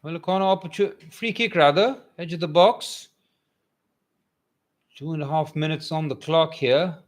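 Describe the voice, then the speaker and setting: Excitable man doing live match commentary. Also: fairly high pitch, moderate pace. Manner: excitable, swings from calm to loud bursts. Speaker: watchalong commentator.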